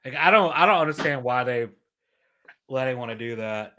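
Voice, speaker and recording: Easygoing joking co-host, animated, bright-leaning voice. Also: mid-range voice, moderate pace. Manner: easygoing, joking, drops into impressions. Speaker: podcast co-host. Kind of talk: casual chat.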